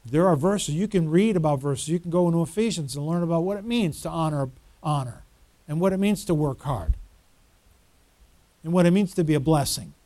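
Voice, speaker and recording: Fervent high-voiced male pastor preaching. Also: lively intonation, brisk. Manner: fervent preaching, swings from low urging to loud exhortation. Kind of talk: sermon.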